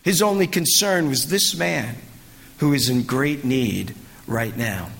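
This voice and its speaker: A man's voice: mid-range voice, slow, gravelly, fairly bright tone, slightly rough, big-room sound. A man preaching a sermon as pastor, with a dramatic delivery that swells and drops.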